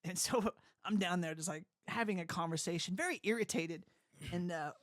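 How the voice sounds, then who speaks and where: A young adult man speaking as an interview guest, animated and quick to laugh. He acts out what others said to him as he goes. The sound is dry and close. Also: high-pitched, dry recording. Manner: animated, laughs often, quotes others in voices. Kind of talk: casual storytelling.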